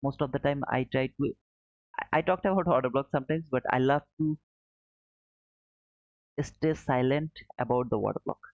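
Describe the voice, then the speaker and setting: A man's voice: mid-range voice, no room sound, phone-quality sound. Accented man patiently answering stream chat. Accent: non-native English accent. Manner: explains slowly, repeats points, answers chat by name. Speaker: livestream trading host. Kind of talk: casual live chat answering viewers.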